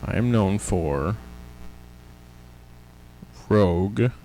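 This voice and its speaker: A man co-hosting a casual movie review podcast, chatty and quick to laugh as he retells scenes. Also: lowish voice, expressive, mellow, a little hiss or hum, rough recording. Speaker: podcast co-host.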